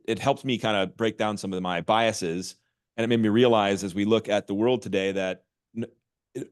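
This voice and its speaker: Middle-aged male guest, low voice, lively and restless delivery with many restarts. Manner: animated, restarts often with repeated words. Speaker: podcast guest, author and marketing executive. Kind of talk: casual interview talk.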